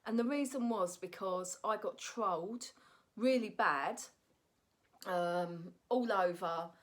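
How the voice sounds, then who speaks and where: A woman's voice: mid-range voice, takes it slowly. Blunt woman telling her story. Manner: blunt, animated storytelling with frequent "right?" tag questions. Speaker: stand-up comic and actress. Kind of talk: candid personal story to a phone camera. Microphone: phone camera.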